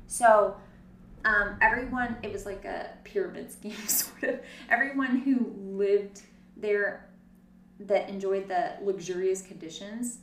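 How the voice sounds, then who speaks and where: A woman co-hosting a casual true-crime podcast, telling the story in an animated way with sarcastic asides. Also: medium pitch, a little hiss or hum. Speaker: podcast co-host. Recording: roomy, distant mic.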